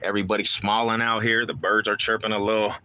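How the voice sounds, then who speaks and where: Bright-voiced hyped man trash-talking from his car. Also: fairly low pitch, little pitch movement, fast, muffled recording. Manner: trash-talking, hyped and repetitive, calls listeners bro. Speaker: live-streaming sports fan host. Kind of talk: casual live stream chat. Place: in a car driving to work. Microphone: phone in hand.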